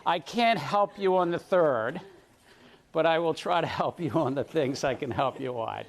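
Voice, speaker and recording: A middle-aged man lectures a university class in a gravelly voice. He keeps it conversational, stopping often to ask the students questions, in a room with round tables. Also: a little high.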